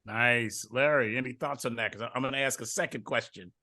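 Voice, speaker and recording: Middle-aged male host from Detroit, bright edge, loose chatty storyteller who restarts often. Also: medium pitch, fairly quick. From Detroit, USA. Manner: repeats words and restarts often, relaxed storytelling. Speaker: podcast host. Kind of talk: casual interview chat.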